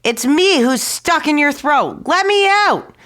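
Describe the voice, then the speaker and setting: A tiny, plucky little fellow from a storybook, crying out in a shrill, very high voice, as a woman reading the tale puts him on. He sounds small and cheeky, with lively, leaping pitch. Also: slow pace, exaggerated voice. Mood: pleading.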